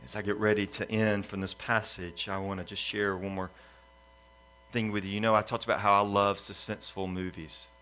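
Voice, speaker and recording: A man's voice: lowish voice, flat delivery, fairly quick, bright, forceful tone. A middle-aged pastor telling a family story in a sermon, acting out voices and building his points in repeated lists. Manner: repetitive preaching cadence, builds in lists.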